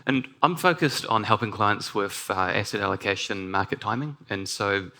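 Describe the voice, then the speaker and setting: Creaky bright-voiced New Zealand man presenting. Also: on the low side, normal speed. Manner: relaxed, with frequent ums and restarts. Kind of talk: conference presentation. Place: conference stage.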